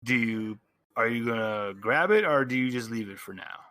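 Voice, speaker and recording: A man narrating a tabletop game as game master, describing scenes in halting bursts with frequent restarts. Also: mid-range voice, animated, pushed and bright, no room sound.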